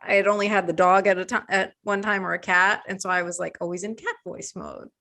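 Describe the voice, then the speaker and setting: A woman's voice: mid-range voice, flat delivery, fast, sharp tone. A woman guest in a casual chat, talking with lots of fillers and frequent laughs.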